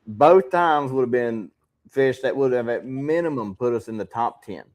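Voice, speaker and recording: A man hosting a podcast, telling fishing stories in a calm, dry way with some laughs. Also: mid-range voice, moderate pace. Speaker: podcast host. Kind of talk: casual podcast chat.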